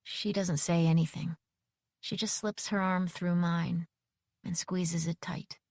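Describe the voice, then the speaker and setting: A woman narrating a first-person audiobook, expressive and giving each character a voice. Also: fairly low pitch, slow pace, no room sound, clean studio sound.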